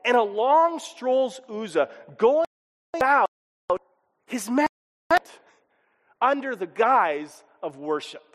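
High lively voiced guy preaching, pastor energy, big hall echo. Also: slow, pauses often. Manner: animated, acts out voices, chuckles. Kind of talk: sermon.

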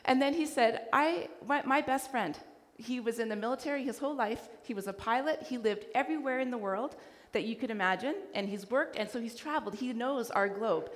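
Her voice leans high and she speaks briskly with few pauses. A Canadian guest preacher, she tells a story within her sermon, animatedly playing the people she encountered. The sound carries hall reverb.

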